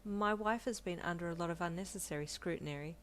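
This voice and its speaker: A woman voicing a gentle young hero husband. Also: on the low side, fairly quick, slight background noise, lightly acted. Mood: calm. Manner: soft, reassuring, worried. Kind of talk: audio fanfiction role-play.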